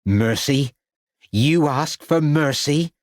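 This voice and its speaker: A man's voice: fairly high pitch, takes it slowly, dry recording, clean studio sound, voice pushed up. A man voicing a cruel woman villain who sneers and taunts. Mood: sneering.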